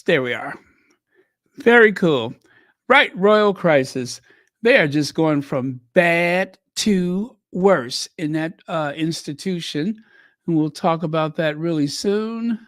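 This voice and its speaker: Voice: mid-range voice, expressive, slow, fairly bright tone, no echo, clean studio sound. A livestream host chatting casually and greeting viewers one by one by name.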